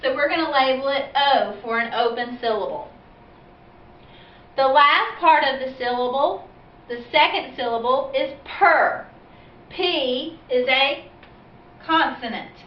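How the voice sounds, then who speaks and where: High-pitched woman teacher going slow thru a phonics lesson, echoey room, kinda dull far-off sound. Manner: slow, patient, explains step by step with questions. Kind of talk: phonics lesson for parents and children. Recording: echoey, dull, distant from the mic.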